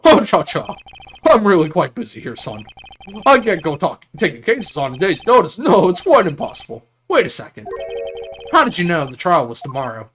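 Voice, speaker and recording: A man voicing a pompous older male lawyer who dodges questions in a grand, drawn-out manner. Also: high voice, wildly swooping pitch, voice pushed up. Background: video game music.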